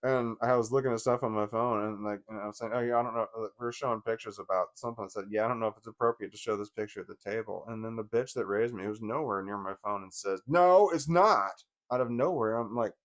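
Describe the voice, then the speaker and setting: A man's voice: on the low side, fairly even intonation, quick pace, hardly any pauses. A man talking in a casual personal monologue, swearing often, venting with restarts and bursts of laughter. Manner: profane, rambling, with frequent restarts and laughs; agitated, venting. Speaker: vlogger.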